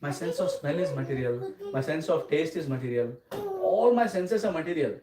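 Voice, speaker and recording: A man giving a scripture class, often checking in with listeners with a quick "huh?" or "okay?". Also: on the high side, animated. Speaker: lecturer. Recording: roomy, distant mic, faint noise.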